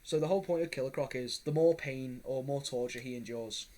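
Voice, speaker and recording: Rambling man, mellow voice. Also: mid-range voice, brisk, rough recording. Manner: rambling, swears a lot, many restarts. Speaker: podcast host. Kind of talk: casual chat.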